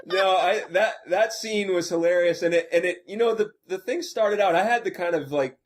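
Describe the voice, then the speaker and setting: Flustered man with a higher voice. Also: normal speed, a little hiss or hum. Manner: flustered, stammering with restarts. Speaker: podcast guest. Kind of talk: casual chat.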